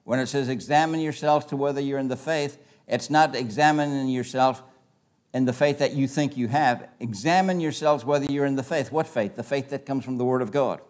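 A man preaching a sermon, leaning hard on stressed words and dropping to quiet asides as he addresses his audience directly. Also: medium pitch, steady tone, brisk.

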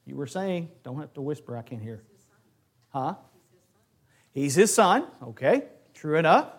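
A man's voice: a little high, a little slow. A man teaching a Bible class lesson, talking with energy and putting questions to his class. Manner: animated, asks the class questions.

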